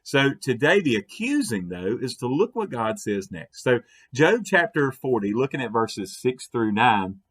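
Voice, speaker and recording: A man's voice: mid-range voice, big pitch swings, unhurried, hardly any pauses, fairly bright tone. A man giving a short devotional talk as pastor, earnest, often repeating and restarting words as he builds emphasis.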